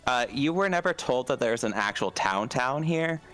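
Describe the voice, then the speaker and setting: A man's voice: medium pitch, lively intonation, normal speed, a bit bright, soft background music. A man narrating a tabletop game as dungeon master, hesitant and full of fillers and restarts.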